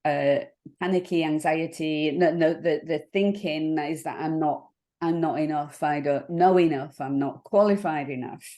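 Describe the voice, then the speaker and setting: A woman coach in a relaxed interview, thinking aloud in a reflective, halting way and breaking into laughs now and then. Her voice sits a little low for a woman. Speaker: NLP coach. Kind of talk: casual interview conversation.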